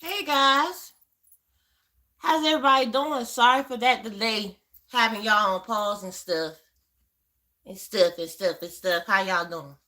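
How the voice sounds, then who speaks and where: Middle-aged woman, chatty livestream host, repeats herself, bright tone. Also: on the high side, measured pace, long pauses. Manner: chatty, greets viewers by name, repeats herself. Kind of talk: casual livestream chat.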